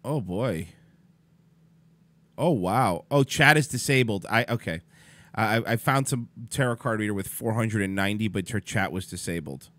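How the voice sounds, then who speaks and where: A woman's voice: extremely low pitch, animated, moderate pace. A woman streaming live, making sarcastic, jeering comments and muttered asides.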